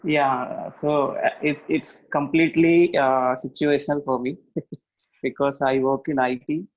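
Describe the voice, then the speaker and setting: A man speaks in an even, flat tone on a video call, pausing often and using many fillers. He answers the host with short agreements. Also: medium pitch, dull audio. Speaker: webinar participant. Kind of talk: casual chat.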